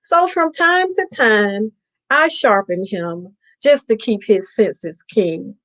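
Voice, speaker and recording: A woman's voice: on the high side, expressive, takes it slowly, fairly bright tone, poor audio. A woman host reading a picture book aloud to children on a live stream, playfully stopping to ask them questions.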